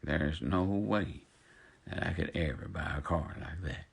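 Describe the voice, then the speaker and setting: A man's voice: very deep voice, measured pace, vocal fry, breathy edge, exaggerated voice. A man voicing a starstruck working mother, bank teller, gushing and breathless. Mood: awestruck.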